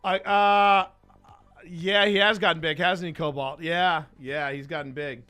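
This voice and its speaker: A man's voice: on the high side, fairly even intonation, a little slow, bright, forceful tone, smooth, soft background music. A man hosting a live stream in a casual, rambling, playful way, chatting to his viewers and to his cats. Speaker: host.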